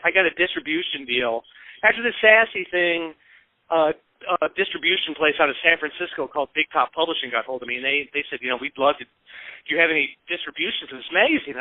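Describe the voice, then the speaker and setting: A man in his fifties from the American Midwest spins lively anecdotes as a talk show guest, slipping into the voices of the people he quotes. His voice sits a bit high for a man. It comes through thin and phone-like, with a dry, close sound and no room. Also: quick pace, dry recording. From Peoria, Illinois, US. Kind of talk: casual storytelling interview.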